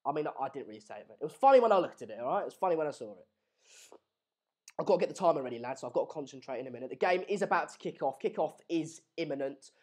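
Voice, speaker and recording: A young man from England runs a football watchalong stream and chats loosely with his viewers. His voice sits a touch high, and his talk wanders with restarts and jokes. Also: lively intonation, racing, darkish tone. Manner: jokey banter, rambling with fillers and restarts. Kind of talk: live stream chat reading comments. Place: home room in Madrid.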